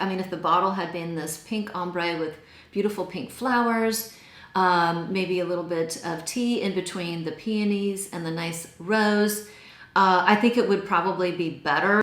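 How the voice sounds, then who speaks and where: A woman's voice: lowish voice, reverberant. A woman with a Texan accent, chatting enthusiastically as she reviews perfumes. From Texas. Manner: chatty and enthusiastic, gushing over scents. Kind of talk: casual product review.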